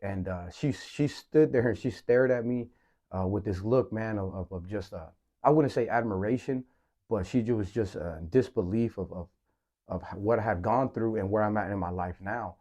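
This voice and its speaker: A man hosting a podcast, speaking candidly in a halting personal monologue, often repeating words and saying "man". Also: lowish voice, mellow. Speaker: podcast host.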